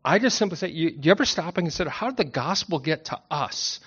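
A pastor delivers an expository sermon in a relaxed, conversational way, talking straight to the congregation. His voice sits a little high for a man. The recording is dull and lo-fi. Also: fast talker, slightly rough. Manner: conversational, anecdotal, addresses the congregation directly. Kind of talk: expository Bible teaching sermon.

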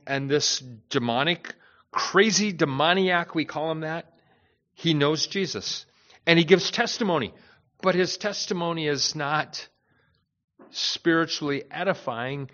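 A man preaching a sermon in a conversational, animated way, with many asides to the listeners. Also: fairly high pitch, lo-fi sound. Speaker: pastor.

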